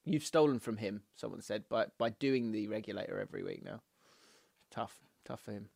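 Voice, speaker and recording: A man's voice: lowish voice, moderate pace, gravelly, darkish tone, dry recording, clean studio sound. A man co-hosting a casual football podcast, laughing often as he reads out listener messages and trades banter. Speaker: podcast co-host.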